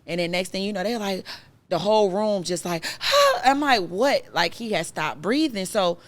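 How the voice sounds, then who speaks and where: A woman guest telling her personal story in casual podcast chat, animated and emotional, with many fillers. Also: mid-range voice, normal speed.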